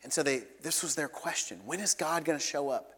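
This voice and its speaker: A man preaching a sermon as a pastor, earnest, swinging between loud emphatic lines and soft quiet ones. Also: on the high side, a little fast, slightly rough. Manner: earnest, rises and falls between loud and soft, leads congregation in repeating. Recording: long reverb of a hall.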